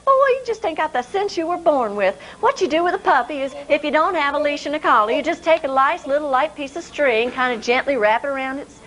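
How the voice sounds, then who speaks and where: A woman's voice: high voice, fairly bright tone. A woman voicing a scolding, exasperated rural mother.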